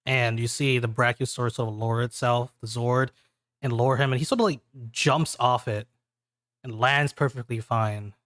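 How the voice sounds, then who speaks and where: A man's voice: mid-range voice, steady tone, moderate pace, a bit bright, dry recording, clean studio sound. A man narrating a tabletop game as game master, with loose, chatty phrasing full of fillers.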